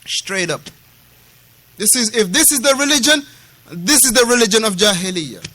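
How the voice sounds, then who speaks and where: A West African Islamic lecturer gives a mosque lesson explaining a classical text. His high voice is bright and forceful, with lively intonation at a moderate pace, and he speaks emphatically, repeating key phrases, mixing street slang with Arabic terms and acting out quoted dialogue.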